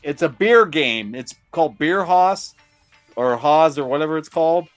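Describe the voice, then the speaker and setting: A man's voice: a little high, expressive, moderate pace, soft background music. A man co-hosting a podcast, chatting in an easygoing, hesitant way with plenty of fillers. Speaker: podcast co-host. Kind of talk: casual banter.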